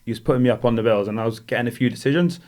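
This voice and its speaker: A man's voice: mid-range voice, racing, darkish tone. A man, a former boxer telling rambling stories as a podcast guest and laughing through them. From Wales. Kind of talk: casual storytelling in a podcast interview.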